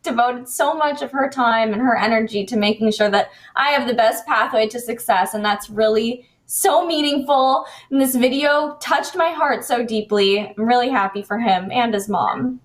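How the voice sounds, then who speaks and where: A woman co-hosting a sports show, speaking earnestly and warmly in casual chat. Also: fairly high pitch, moderate pace, few pauses. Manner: earnest, heartfelt.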